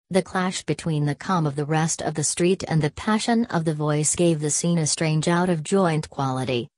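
A woman narrating a novel as an audiobook in a steady, measured reading. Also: deep voice, no room sound.

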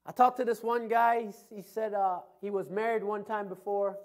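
A male pastor preaching a sermon, reading scripture and telling anecdotes, swinging from loud emphasis to soft asides. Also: high voice, flat delivery, moderate pace. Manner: tells anecdotes with chuckles.

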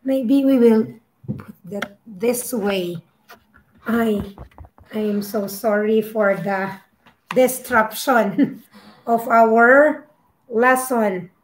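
Slow, patient woman tutor. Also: a little high, reverberant, rough recording. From Philippines. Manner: slow, patient, explains each word and repeats it. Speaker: language tutor. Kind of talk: live-streamed language lesson.

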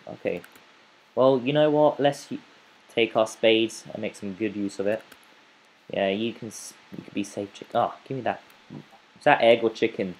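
A man's voice: fairly low pitch, darkish tone, low-quality recording. A man giving playful, rambling let's play commentary as a gaming channel host, chatting to the animals in his game.

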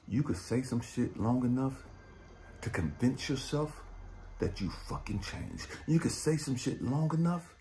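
A man giving a profane motivational talk as a life coach, blunt and intense, swinging between loud urging and low muttering. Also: creaky. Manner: blunt, heavy swearing, drill-instructor intensity.

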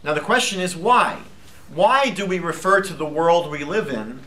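A man teaching a live class as a rabbi, lively and chatty, posing questions to the group. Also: fairly high pitch, moderate pace. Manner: lively, asks the class questions, jokes lightly.

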